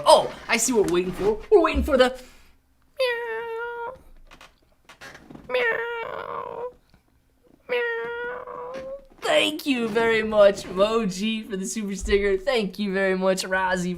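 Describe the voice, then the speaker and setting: A man's voice: high voice, slight background noise. A man hosting a casual livestream, thanking viewers by name and reading their chat messages aloud in playful put-on voices. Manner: jokey, drawn-out teasing delivery. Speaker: livestream host.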